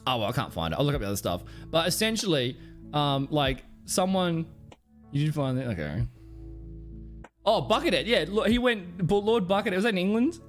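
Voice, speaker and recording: A man's voice: fairly high pitch, very animated, fairly quick, faint music behind. A man streaming live, chatting casually and reacting to clips, rambling, swearing and laughing often.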